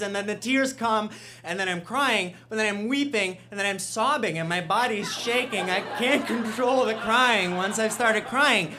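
A man from Russia telling a self-mocking story on stage before an audience, building to loud punchlines. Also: high voice, slight background noise.

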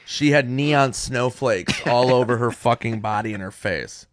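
Animated, profane male podcast host. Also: medium pitch, unhurried, dry recording, clean studio sound. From Minnesota. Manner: animated, profane, laughing storyteller. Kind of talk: casual storytelling chat.

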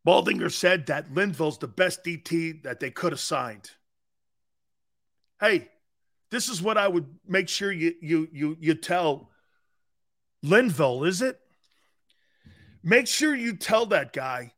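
A man's voice: on the high side, lively intonation, takes it slowly, long pauses, fairly bright tone. A middle-aged man hosting a sports talk show, chatting casually, joking and laughing often with rambling asides. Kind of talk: casual sports radio banter.

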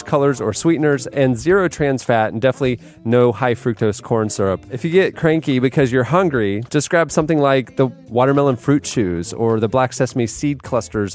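A man's voice: medium pitch, a little mellow. A man hosting a podcast, reading a snack ad in a casual, upbeat way with a few fillers. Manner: brisk, upbeat ad read with fillers. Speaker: podcast host. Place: podcast studio.

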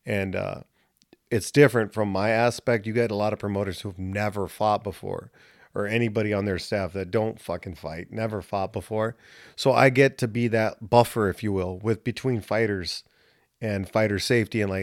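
A man, a former fighter, telling a long story on a podcast in a loose, profane, animated way. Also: fairly low pitch, normal speed, dry recording, clean studio sound. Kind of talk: casual storytelling chat.

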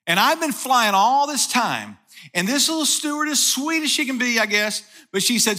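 A man's voice: very high-pitched, sing-song, moderate pace, bright, forceful tone. A middle-aged male pastor preaching a sermon, telling a story and then pressing his point with emphatic repetition.

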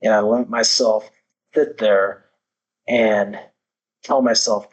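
A man's voice: fairly low pitch, fairly even intonation, slow pace, pauses often, poor audio. A man talking as a podcast guest, intense and emphatic, swearing heavily while he talks candidly about growth. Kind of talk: candid motivational talk.

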